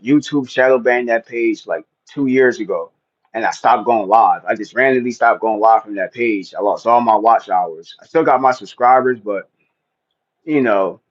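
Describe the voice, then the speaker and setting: A man with a North Jersey accent chats on a livestream in a relaxed, slangy way, laughing often. His voice sits at an average pitch. The audio is somewhat dull and lo-fi. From New Jersey. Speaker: livestream host. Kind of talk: casual livestream chat.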